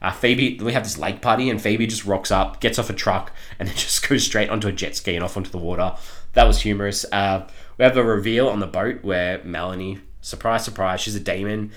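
Low-voiced man chatting about movies. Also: fairly even intonation, a little fast, a bit bright. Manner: rambling, many ums, laughs often. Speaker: podcast co-host reviewing films. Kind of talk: casual film review chat.

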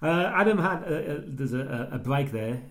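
A man's voice: fairly high pitch, animated, moderate pace, fairly bright tone, echoey room. A man from England co-hosting a podcast, chatting casually about a film and sharing trivia with frequent laughs. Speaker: podcast co-host. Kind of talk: casual film commentary chat.

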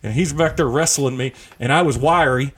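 A middle-aged man hosting a podcast, telling profane stories in a casual, animated way. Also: mid-range voice, a little fast, breathy edge. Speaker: podcast host. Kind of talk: casual chat.

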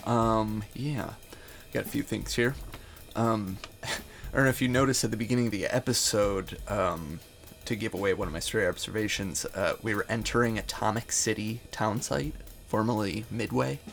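A man's voice: fairly low pitch, normal speed, gravelly, faint music behind. A man co-hosting a podcast in easygoing casual chat, with hesitant ums. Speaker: podcast co-host.

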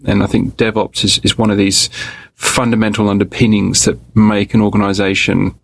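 A man being interviewed as a podcast guest, explaining in a measured way. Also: on the low side, flat delivery, vocal fry, slightly rough.

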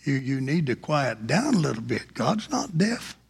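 A preacher doing a scolding church usher. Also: male voice, mid-range voice, sing-song, moderate pace, vocal fry, breathy edge, exaggerated voice. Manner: scolding, hushing. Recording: reverberant hall.

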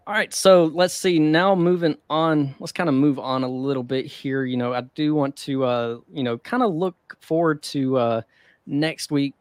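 A man's voice: on the high side, fairly even intonation, moderate pace, dry recording. Man, podcast host, casual rambling chat, loose and easygoing, dry close sound. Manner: laid-back, rambling with frequent fillers and laughs.

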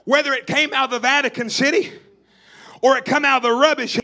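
A man from East Tennessee, preaching a fervent sermon in a church with shouted, repetitive lines. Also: very high-pitched, fairly even intonation, fairly quick.

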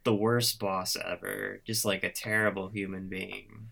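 Easygoing male podcast co-host with a gravelly, bright, lowish voice. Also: flat delivery, unhurried. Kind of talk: casual chat.

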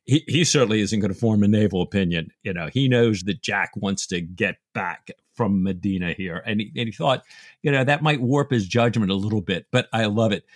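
A man co-hosts a book podcast, retelling scenes with amused, chatty asides. His voice is husky. The recording is dry and close. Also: lowish voice, brisk, dry recording. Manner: chatty, amused, says "you know" often. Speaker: podcast co-host.

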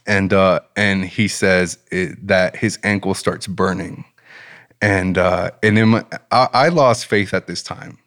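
A lower-pitched man speaks in a casual interview, telling his story with growing enthusiasm. He sounds relaxed and heartfelt, rising in pitch as he gets excited. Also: a little slow. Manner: animated, enthusiastic storyteller, relaxed and faith-centered. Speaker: business owner and guest.

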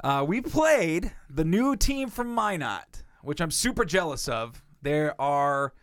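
A man co-hosting a podcast, telling a profane, animated story with frequent laughter. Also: on the high side, takes it slowly, dry recording, studio quality. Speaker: podcast co-host. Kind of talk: casual storytelling.

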